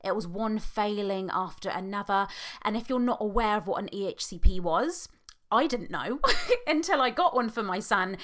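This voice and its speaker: A woman's voice: mid-range voice, animated, normal speed, fairly bright tone. Emotional British woman on the verge of tears. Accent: British English. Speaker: podcast host; hypnotherapist. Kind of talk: personal podcast monologue.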